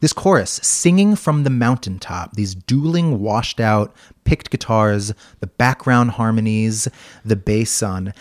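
Low-voiced man gushing about songs. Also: animated, a little slow, no room sound, studio quality. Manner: enthusiastic, rambling, sings snippets of lyrics. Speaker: podcast co-host. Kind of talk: casual music review chat.

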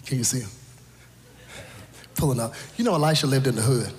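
A man preaching a sermon with storytelling, shouting and playful, then dropping suddenly to quiet. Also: mid-range voice, a little fast, a little hiss or hum. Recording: long reverb in a large hall.

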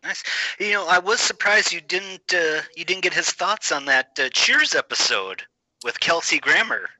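Forties male guest; slightly high, piercingly bright voice, enthusiastic storyteller. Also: lively intonation, normal speed, dry recording, rough recording. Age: 40s. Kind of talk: casual chat.

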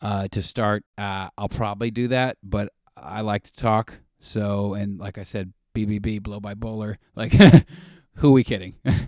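A man's voice: fairly low pitch, fairly even intonation, measured pace, few pauses, darkish tone, no echo, studio quality. A man hosting his own podcast in rambling, profane, self-deprecating casual chat. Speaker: podcast host.

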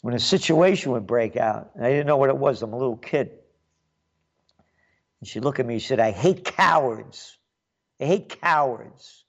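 A man delivers a ranting commentary monologue, sarcastic and mocking. He swings from loud jabs to muttered asides in a mid-range voice. The recording sounds dull and lo-fi. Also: mid-range voice, a little fast, long pauses. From New York. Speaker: commentary show host.

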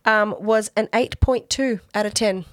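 A chatty Australian woman co-hosts a podcast, talking casually with quick asides and little laughs. Her voice is dry and close, with no room sound. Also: medium pitch, dry recording. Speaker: podcast co-host. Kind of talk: casual chat.

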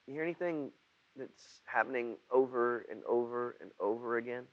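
A man preaching a sermon over video, speaking haltingly with frequent restarts and rising to emphatic outbursts. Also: mid-range voice, dull audio. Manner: rises to emphatic outbursts when voicing Jonah. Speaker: pastor.

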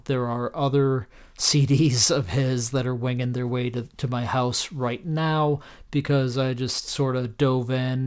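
A man's voice: mid-range voice, clear, resonant tone. A man hosting a solo podcast in a casual, rambling way with plenty of fillers, tired and a little tipsy. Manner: rambling and self-deprecating, many fillers. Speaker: podcast host.

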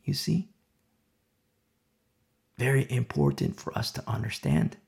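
A man's voice: mid-range voice, very animated, unhurried, gravelly, darkish tone. A man preaching a sermon, emphatic and repetitive, often asking "you see?" and sometimes dropping to a near whisper.

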